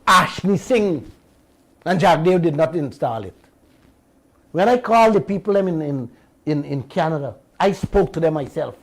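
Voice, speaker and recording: A man with a Guyanese accent hosting a radio talk show, telling stories in an animated, indignant way and repeating himself. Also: a little high, normal speed, rough recording. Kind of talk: heated talk radio monologue.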